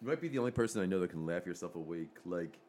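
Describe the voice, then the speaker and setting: Dude cracking wry jokes back at his buddy, low voice, swears a bunch. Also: animated, rapid-fire, darkish tone. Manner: wry, teasing, profane. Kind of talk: casual chat.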